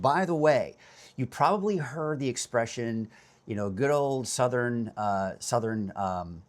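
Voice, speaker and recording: A man working as a meteorologist, giving a casual morning weather chat from a hotel room, rambling and chatty with fillers. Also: medium pitch.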